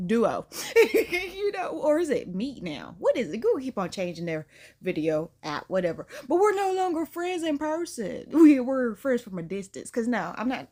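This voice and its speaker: Southern woman reacting to scary stories, super animated, voice jumps way up when she jokes. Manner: animated, jokey, big pitch jumps, says "girl, bye". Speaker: reaction channel host. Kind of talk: casual reaction commentary.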